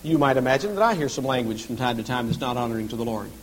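Middle-aged male pastor, husky tone, sermon delivery that leaps from loud to soft. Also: medium pitch, expressive, racing, low-quality recording. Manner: dramatic swings from shouting to whispering. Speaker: pastor and police chaplain.

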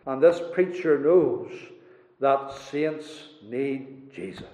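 A man preaching a sermon, building emphasis with repeated rhetorical questions. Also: high voice. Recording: roomy hall, dull lo-fi sound.

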